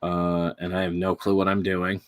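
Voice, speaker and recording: A man's voice: low voice, monotone, normal speed, dry recording, soft background music. A young man co-hosting a podcast, chatting casually with crude jokes and frequent laughter. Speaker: podcast co-host. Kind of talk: casual chat.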